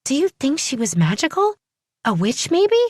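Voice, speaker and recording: A woman voicing an excitable, earnest young female rookie cop in an audiobook, her voice lifting high with eagerness. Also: moderate pace, no echo, studio quality. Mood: excited. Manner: bubbly, rising and earnest. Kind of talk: audiobook character voice.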